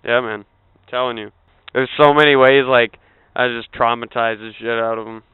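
A man on a podcast joking crudely in casual banter, often shouting out voices as he acts out bits. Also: medium pitch, level tone, normal speed, clean tone, dry recording. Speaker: podcast host. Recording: phone-like narrow sound, dry.

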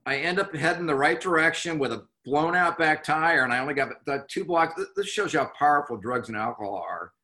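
A middle-aged man telling his own recovery story candidly, halting with many restarts and wry laughs. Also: a little high, expressive, sharp tone. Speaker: recovering alcoholic guest.

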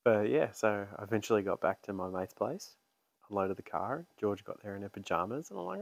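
A man's voice: fairly low pitch, expressive, fairly quick, creaky, dry recording. A man in his twenties co-hosting a podcast, telling stories in a laid-back, joking way and swearing casually. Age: 20s. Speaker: podcast co-host. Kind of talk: casual chat.

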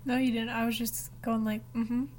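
A woman's voice: on the high side, little pitch movement, fairly quick, a little mellow, a little hiss or hum. A woman co-hosting a podcast who mostly chimes in with short reactions during casual chat. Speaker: podcast co-host.

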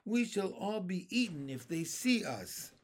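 A man's voice: sits high, very animated, measured pace, pitched above the performer's own voice, heavily acted. A man voicing a timid, fretful male earthworm who scolds in anxious whispers in a storybook reading. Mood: hushed scolding. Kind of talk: storybook read-aloud.

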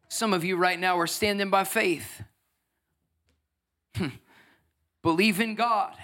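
A man in his thirties preaching a lively sermon as pastor, acting out voices and swinging from loud bursts to soft, tearful moments. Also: sits high, slow, pauses often. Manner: energetic, acts out voices, swings from shouting to near tears.

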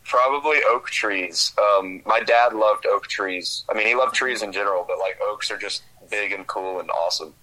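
A man's voice: on the low side, moderate pace, few pauses, sharp tone, rough recording. A young man chatting casually as a podcast guest, rambling and hesitant, with a laid-back way of talking. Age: young adult. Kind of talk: casual chat.

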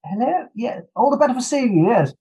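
Man doing a posh eccentric, lecherous old gent, swooping husky voice. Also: very high voice, very animated, a little fast, mellow, heavily acted, poor audio. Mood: plummy. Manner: plummy, fussing, affectionate. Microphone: video call.

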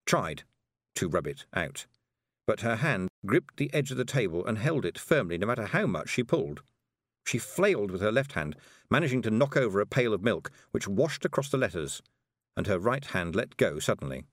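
Expressive male audiobook narrator. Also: fairly low pitch, moderate pace, no room sound, clean studio sound. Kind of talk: scripted narration.

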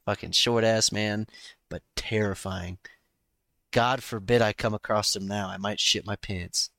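A man's voice: fairly low pitch, steady tone, unhurried, creaky, pushed and bright, dry recording. A man and army veteran in a casual podcast chat, talking in a blunt, profane, self-mocking way.

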